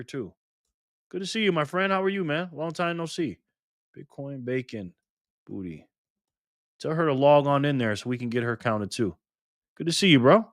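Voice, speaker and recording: A man's voice: fairly high pitch, fairly bright tone, no room sound, studio quality. A man hosting a casual livestream, cheerfully greeting viewers by name one after another. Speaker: livestream host.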